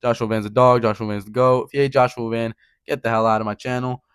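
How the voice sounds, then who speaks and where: A man's voice: medium pitch, flat delivery, quick pace, smooth, dry recording. A young man hosting his own channel, ranting heatedly in casual talk, swearing and repeating "bro". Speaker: channel host. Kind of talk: casual fight-prediction rant.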